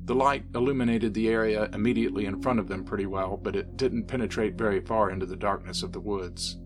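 A man narrating a scripted spooky story in a steady, measured reading. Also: fairly low pitch, over music.

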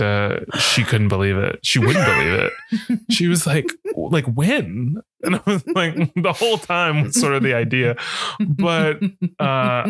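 A man co-hosting a casual movie podcast, telling stories in an animated way. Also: a little high, no room sound, clean studio sound. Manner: animated, storytelling, puts on voices. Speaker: podcast co-host.

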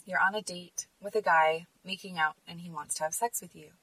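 A woman's voice: fairly low pitch, fairly even intonation, fairly quick, a bit bright, husky, dry recording, distant mic, low-quality recording. A woman hosting a podcast, speaking in an earnest, emphatic personal monologue. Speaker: podcast host.

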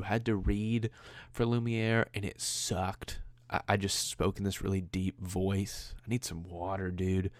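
A man's voice: low-pitched, gravelly, dry recording, clean studio sound. A man hosting his own podcast, rambling casually and conversationally, with a self-deprecating streak. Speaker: podcast host. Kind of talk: casual solo podcast chat.

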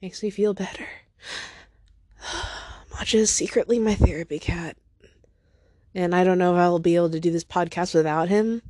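A woman's voice: lowish voice, steady tone, moderate pace, pauses often, a little mellow, dry recording, studio quality. A woman hosting her own podcast in a casual, rambling solo monologue from home, teary after crying, self-deprecating and stopping to talk to her cat. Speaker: podcast host.

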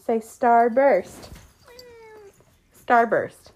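A woman's voice: on the high side, animated, drawn-out words, a little mellow. A woman hosting a podcast who talks in coaxing baby talk to her pet cat, asking it sing-song questions. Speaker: pet owner and podcast host.

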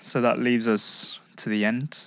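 A man's voice: mid-range voice, flat delivery, no echo. A man, co-hosting a podcast in easygoing casual chat and leading the segment. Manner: easygoing, leads the segment with quick agreements. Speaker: podcast co-host.

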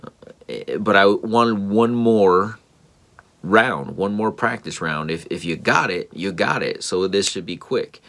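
Tired, earnest man with a very deep voice. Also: slow, creaky, a bit bright. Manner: earnest, reflective, many fillers and restarts. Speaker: father vlogger. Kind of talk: casual personal storytelling.

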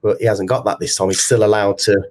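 A man's voice: lowish voice, level tone, quick pace, a little mellow. A man co-hosting a podcast in casual chat, speaking frankly and heartfelt, scattering "like" and the odd swear word. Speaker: podcast co-host, company co-founder.

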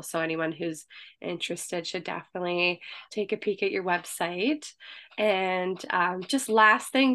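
A woman's voice: fairly low pitch, creaky, sharp tone. A woman co-hosting a podcast interview, enthusiastic and appreciative. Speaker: podcast co-host. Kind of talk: casual interview talk.

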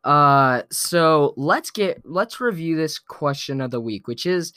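A man tells a childhood story to his viewers in a relaxed, playful way and often chuckles. He talks slowly and draws out his words. His voice is bright and clean, and the sound is dry and close. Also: on the high side, clean tone, no echo. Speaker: vlogger telling a weekly story. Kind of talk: casual storytelling to camera.

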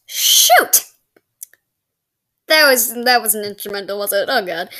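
A woman's voice: mid-range voice, fast talker, pushed and bright. A woman hosting a casual podcast, stumbling over words and laughing at her own slips. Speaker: podcast host. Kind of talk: casual podcast talk with bloopers.

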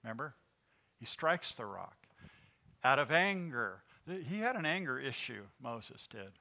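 Delivering his sermon at a measured pace, this pastor has a creaky, mid-range voice. He stays animated throughout, putting questions to the congregation.

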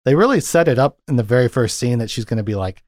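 Fast and lively in intonation, a podcast co-host speaks with a medium-pitched, darkish voice. He rambles through scene retellings in a casual film discussion, filler-heavy, on a studio-quality recording without echo.

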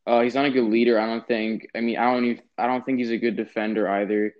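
A man's voice: mid-range voice, flat delivery, quick pace. A young man co-hosting a casual sports podcast, giving opinions with lots of ums and restarts. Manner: opinionated, hesitant with many fillers. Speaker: podcast co-host. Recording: dull lo-fi sound.

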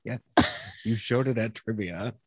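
Husky man trading dry quips. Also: lowish voice, a little slow, no room sound. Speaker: podcast co-host. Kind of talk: casual banter.

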